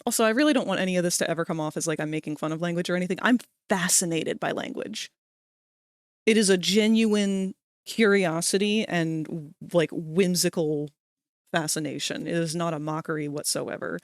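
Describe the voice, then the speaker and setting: A woman's voice: on the low side, moderate pace, no room sound, clean studio sound. A woman streamer chatting casually while she works live, telling rambling stories and talking to her viewers. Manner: chatty, rambling storyteller, talks to chat viewers.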